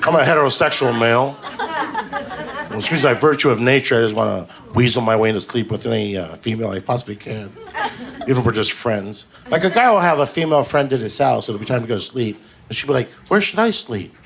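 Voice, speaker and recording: On a comedy club stage, a fast-talking man with a gravelly, medium-pitched voice does a crude, rambling stand-up set and acts out other people's lines. The live recording is full of loud crowd laughter and noise.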